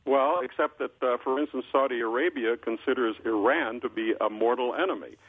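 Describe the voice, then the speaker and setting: An older male political columnist on a phone line, talking in a measured way with many filler uhs and restarts. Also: medium pitch. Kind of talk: phone-in interview commentary. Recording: phone line, husky tinny sound.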